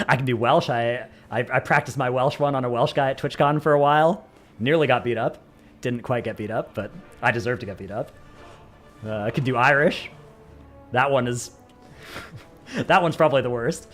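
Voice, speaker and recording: Man, mid pitch, casual stream chat, rambling, self-deprecating jokes, faint background music. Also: normal speed, long pauses, fairly bright tone. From United States. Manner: rambling, self-mocking, joking.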